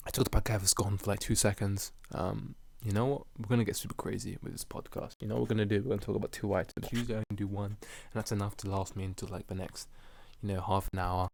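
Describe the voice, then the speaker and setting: A man's voice: fairly low pitch, fairly even intonation, fast, creaky, a little mellow, no echo. A young man hosting a solo podcast, rambling casually with lots of fillers, slang and jokes. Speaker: podcast host.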